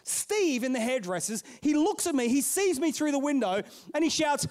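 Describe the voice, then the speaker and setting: Playful and animated, a middle-aged male pastor tells a sermon story at normal speed in a very high-pitched voice, calling out to the congregation.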